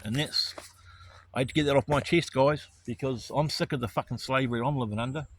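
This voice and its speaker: A man's voice: medium pitch, fairly quick, slight background noise. A man, ranting in an angry, profane monologue about righteous indignation. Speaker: vlogger.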